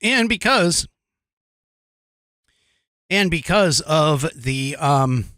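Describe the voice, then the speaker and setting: A man's voice: on the high side, expressive, drawn-out words, sharp tone, no room sound, studio quality. Rambling, chuckling male podcast host. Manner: rambling, chuckling often, with many fillers. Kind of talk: casual livestream talk.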